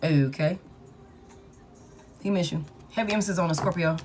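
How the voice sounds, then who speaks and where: A woman's voice: lowish voice, normal speed, a little mellow, faint music behind. A woman giving a live tarot reading, blunt and profane, who thinks aloud as she pulls cards and talks straight to her viewers. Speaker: tarot reader.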